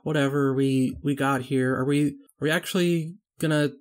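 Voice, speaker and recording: A woman's voice: deep voice, fairly even intonation, normal speed. A woman playing a tabletop game, exasperated and hesitant, stammering restarts. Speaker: player.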